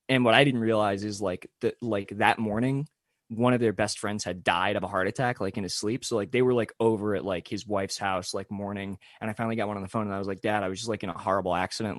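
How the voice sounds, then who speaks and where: A young man co-hosting a podcast, telling a story in casual chat, animated, swearing and laughing often. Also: on the low side, dry recording, studio quality. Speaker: podcast co-host.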